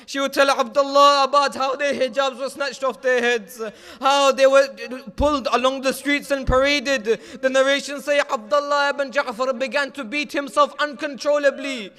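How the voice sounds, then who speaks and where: A man preaching a mourning sermon, narrating with passion and rising to shouts at its peaks. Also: extremely high pitch, fairly even intonation, moderate pace, few pauses.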